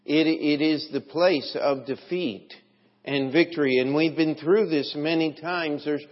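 A man preaching a sermon as pastor, slow and deliberate, with emphatic swells in his delivery. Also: on the high side. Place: church sanctuary. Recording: dull, lo-fi, long hall reverb.

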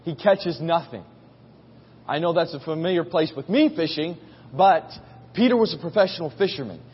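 A man's voice: a little high, expressive, moderate pace, slightly rough. A man preaching a sermon as a pastor, telling the story in a casual, folksy way and acting out voices. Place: church. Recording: muffled recording in a reverberant hall.

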